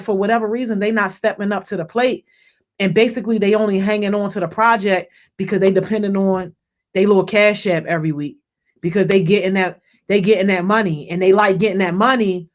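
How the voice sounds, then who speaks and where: A youth program leader giving casual shout-outs and encouragement to young members, saying "yo" constantly and repeating phrases, and getting louder and higher when greeting people by name. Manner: peppers speech with "yo", repeats and restarts phrases; energetic, rises in pitch and volume when greeting people by name. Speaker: youth program leader hosting a group call.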